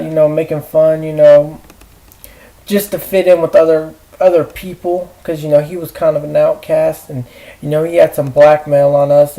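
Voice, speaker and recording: A man ranting to camera in a rambling, profane way, halting with fillers and restarts. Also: a little high, warm tone, poor audio. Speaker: vlogger. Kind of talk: rambling personal rant.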